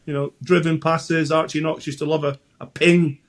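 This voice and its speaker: Brief: Scottish man in his sixties, interview guest spinning chatty stories, restarts often, slightly high voice. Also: level tone, normal speed. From Scotland. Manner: chatty anecdotal storyteller, frequent restarts. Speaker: guest, former goalkeeper. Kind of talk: casual interview chat.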